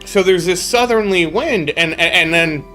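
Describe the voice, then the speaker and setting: A man streaming a game and telling a long rambling story, stopping now and then to answer his chat. His voice is bright and sits a little high for a man. Soft music plays behind him. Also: moderate pace. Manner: rambling storytelling, chatting with viewers mid-story. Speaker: gaming streamer. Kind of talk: casual live-stream chat.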